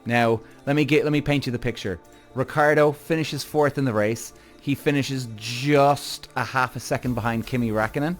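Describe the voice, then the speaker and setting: A man hosting a podcast, reacting to a TV show in an excitable way, swearing freely and jumping up and down in pitch. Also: moderate pace, faint music behind. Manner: excitable, profane, big pitch swings. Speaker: podcast host. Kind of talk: TV reaction commentary.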